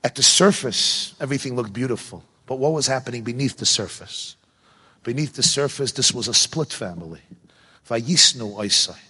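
A man teaching a Torah lesson in sermon style, animated and full of rhetorical questions. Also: mid-range voice, moderate pace, husky. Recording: long hall reverb.

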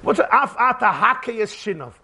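A rabbi, preaching emphatically in a repetitive cadence and mixing in Hebrew and terms. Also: male voice, high-pitched, lively intonation, moderate pace, vocal fry, pushed and bright, slight background noise. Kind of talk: sermon with jokes.

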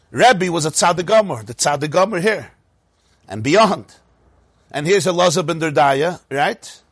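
A middle-aged man teaching a Torah class with a slightly high, husky voice. He talks in an animated way, throwing out rhetorical questions and doubling back on his words. The sound is dry and close, with little room around it. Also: no room sound. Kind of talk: Torah lecture.

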